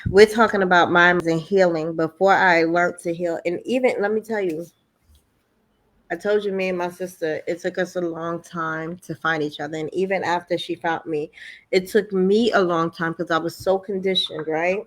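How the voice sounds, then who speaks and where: A middle-aged woman in casual conversation, telling family stories in an animated way and acting out the voices of others. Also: on the low side, normal speed. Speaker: podcast host.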